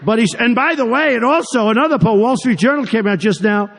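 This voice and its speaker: Through a PA ringing with long hall reverb, an older male candidate rambles and repeats himself before an arena crowd, tossing in mocking asides. His very high-pitched voice is fairly bright and fairly quick.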